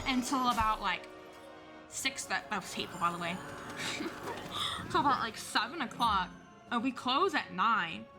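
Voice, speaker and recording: A woman's voice: fairly high pitch, pushed and bright. Chatty young woman rambling over game music. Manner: chatty and rambling, laughs often. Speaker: gaming channel host. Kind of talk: casual chat over gameplay.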